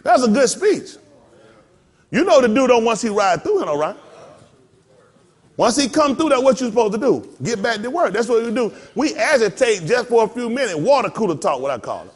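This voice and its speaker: This pastor has a very high, slightly rough voice and a brisk delivery. His sermon is folksy and animated, full of mock voices and laughter shared with the congregation.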